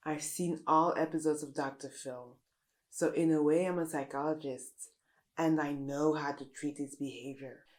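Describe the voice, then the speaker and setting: Deadpan low-voiced woman, mock-serious. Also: rough recording. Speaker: comedic vlogger. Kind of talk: deadpan satirical monologue.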